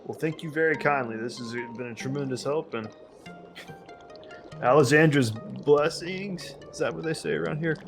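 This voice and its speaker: Slightly high-voiced playful guy at a tabletop game, soft music under. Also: moderate pace, gravelly. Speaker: player. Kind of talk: in-character tabletop play.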